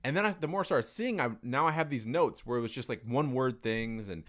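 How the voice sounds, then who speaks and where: A man talks in a loose, casual conversation, and his pitch swings widely as he tells a story. He fills his talk with fillers and swears freely. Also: animated, brisk.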